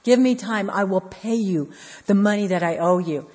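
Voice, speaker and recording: A woman's voice: mid-range voice, moderate pace, a little mellow, close to an everyday voice. A woman playing a begging servant man. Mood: pleading. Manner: pleading, begging. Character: desperate male servant begging for time. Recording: long hall reverb.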